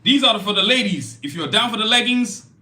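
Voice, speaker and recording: A man hosting a live stream, pitching his own comic art and merch in a hyped, casual way, repeating himself and talking straight to viewers. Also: animated, fairly quick, sharp tone, echoey room, slight background noise. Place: indoor studio, clothing hanging behind him.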